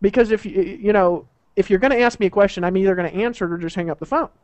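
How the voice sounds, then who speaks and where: A man's voice: high voice, racing, a little mellow, no room sound. A man casually telling a story in an online group video chat, rambling, profane and full of repeated words and restarts, heard over a video call. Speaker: network marketer telling a story.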